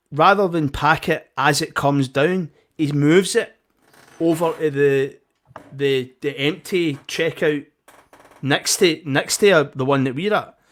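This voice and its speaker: A young Scottish man with a slightly higher voice tells a story in casual podcast chat. He gets animated, swears freely and acts out every side of the row himself. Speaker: podcast co-host.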